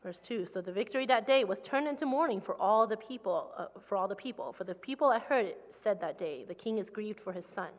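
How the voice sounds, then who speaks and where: A woman's voice: mid-range voice, animated, fairly quick, few pauses. A woman interpreting a sermon into English line by line, reading scripture with feeling. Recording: long hall reverb.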